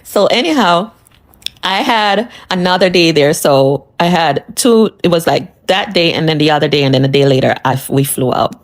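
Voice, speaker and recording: A woman telling a personal story casually to her viewers, sassy and animated. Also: low voice, moderate pace. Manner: sassy, animated retelling of a confrontation.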